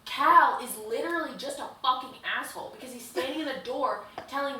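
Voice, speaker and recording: A young woman co-hosts a podcast, retelling a book with gushing excitement, plenty of swearing and "like"s. Her voice is bright and sits a little high. She sounds set back from the mic in an echoey room with a faint hiss. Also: brisk, far from the mic. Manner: gushing, profane, filler-heavy retelling. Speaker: podcast co-host. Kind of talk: casual book recap chat.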